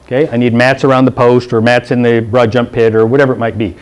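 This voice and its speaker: This middle-aged man talks fast in a mid-range, flat voice while teaching football officials the rules in a meeting room. He mixes blunt humor with anecdotes, asks "okay?" often, and imitates coaches using silly voices.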